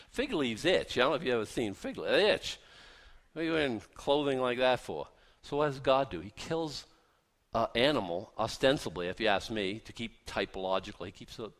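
A man preaching a sermon in a folksy, punchy way, with rhetorical questions and lively acted-out voices. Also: medium pitch, a little fast. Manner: animated, acts out voices of biblical figures.

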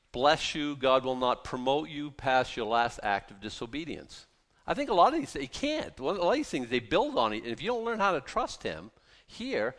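Animated male pastor preaching. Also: fairly high pitch. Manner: animated, emphatic repetition. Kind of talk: sermon.

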